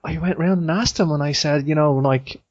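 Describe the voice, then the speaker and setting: A man hosting a casual podcast chat, telling stories with sudden high-pitched outbursts of disbelief. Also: normal speed, a little mellow, no room sound. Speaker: podcast host. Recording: muffled lo-fi dry sound.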